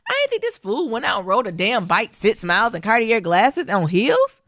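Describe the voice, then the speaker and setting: A woman's voice: on the high side, big pitch swings, normal speed, fairly bright tone, no room sound, studio quality. A woman with a Midwestern Southern twang co-hosting a podcast, talking bluntly and animatedly in casual chat and laughing often. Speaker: podcast co-host.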